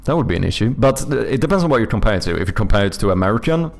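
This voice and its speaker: Gravelly Swedish-accented male streamer. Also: on the low side, sing-song, faint music behind. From Sweden. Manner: halting, self-correcting, thinks aloud while answering chat. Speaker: streamer and game developer. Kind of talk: casual live-stream chat.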